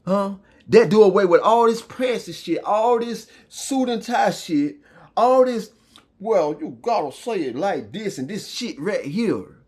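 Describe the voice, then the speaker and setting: A man with a husky, slightly high voice preaches in a fervent, swearing monologue. He drives his points with rhythmic repetition and keeps checking in with the listener. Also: darkish tone. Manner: swearing, rhythmic, repeats "huh?" and "you feel me?". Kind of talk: impassioned street preaching monologue.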